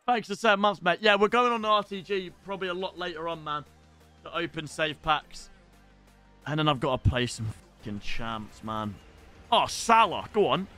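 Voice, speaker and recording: A young man streaming live and chatting casually while opening packs in a football game, excitable and sweary. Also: on the high side, normal speed, faint music behind. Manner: excitable, shouts at pack pulls, swears.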